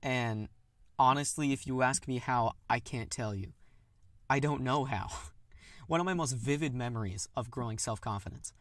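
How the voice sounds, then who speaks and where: A young man talking candidly and haltingly about his own feelings in a confessional monologue, with nervous laughs. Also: medium pitch, a bit bright, dry recording, studio quality. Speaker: podcast host.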